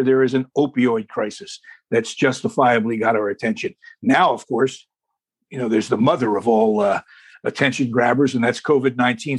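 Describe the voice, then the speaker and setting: Husky-voiced male talk show host. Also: medium pitch, no room sound. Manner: folksy, deliberate, slows for emphasis. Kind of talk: hosting an interview show.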